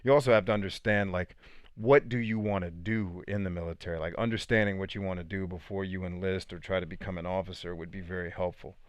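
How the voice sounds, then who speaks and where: Hosting a casual live podcast, a man in his thirties answers viewer questions through animated storytelling, laughing often and slipping in quiet asides. His low voice is fast, clear and resonant, with no echo.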